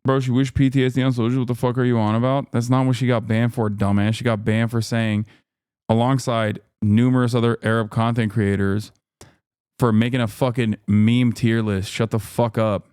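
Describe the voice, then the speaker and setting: A man's voice: medium pitch, flat delivery, normal speed, a little mellow, clean tone, dry recording, studio quality. A man hosting a livestream, reading chat aloud and ranting in a heated, profane, exasperated way. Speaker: livestream host.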